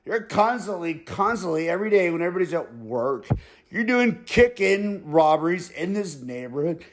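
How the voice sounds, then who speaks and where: A man voicing a stern middle-aged male neighborhood boss who talks slowly and threateningly, slipping in Spanish phrases. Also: high-pitched.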